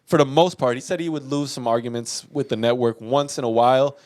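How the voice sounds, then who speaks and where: A man co-hosting a podcast, talking casually and telling stories with lots of swearing and laughter. He slips into quoted voices as he retells things. His pitch sits in a middle register. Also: steady tone, a little fast, a little mellow. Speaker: podcast co-host. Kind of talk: casual chat.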